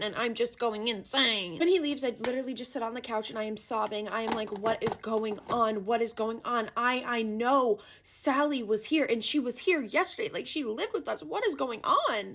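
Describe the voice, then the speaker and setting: A young woman narrating a casual storytime in a dramatic, rambling, chatty way. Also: fairly high pitch.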